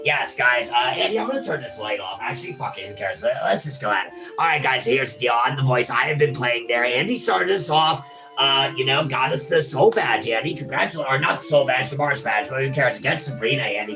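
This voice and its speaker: A gaming channel host with a mid-range, lively voice talks fairly quickly during a casual let's-play session. He jokes around, swears, and calls everyone bro and buddy while game music plays behind him.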